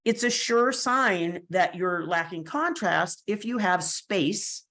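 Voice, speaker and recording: A woman with a slightly low voice leads a screen-share tutorial on editing photos. She explains each step in a chatty, casual way, with fillers and quick asides as she works. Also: expressive, fairly bright tone.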